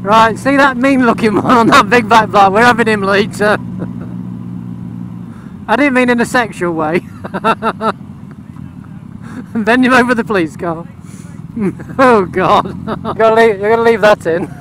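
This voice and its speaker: A man's voice: sits high, a little slow, long pauses. A man vlogging from a moving motorcycle, chatting and giggling to the camera as he rides. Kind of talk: motorcycle ride vlog. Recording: loud wind and road noise.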